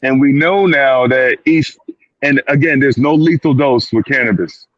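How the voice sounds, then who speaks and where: As a panel guest, the clinician speaks insistently at a moderate pace, with a mid-range, slightly bright voice. He repeats words and acts out little quoted remarks, and the dry, dull recording has no room sound.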